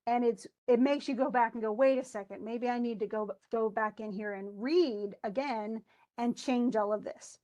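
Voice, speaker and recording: A woman with a fairly high voice lectures a class on poetic meter. She reads lines of verse aloud with heavy stresses and taps out the rhythm in syllables. She thinks aloud with restarts and turns to students with questions. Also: normal speed, a little mellow. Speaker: English instructor.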